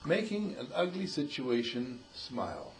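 Folksy male speaker, lively swooping delivery, laughs through his lines, faint hiss behind. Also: medium pitch, a little slow, rough recording. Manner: chuckling often, animated, acts out quoted voices. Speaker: dean giving a short inspirational talk. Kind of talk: folksy inspirational talk.

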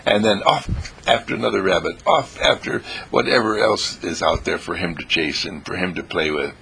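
A gravel-voiced, husky man gives an energetic inspirational speech at normal speed, his sound pushed and bright. He repeats phrases and swings from high-pitched exclamations down to low murmurs.

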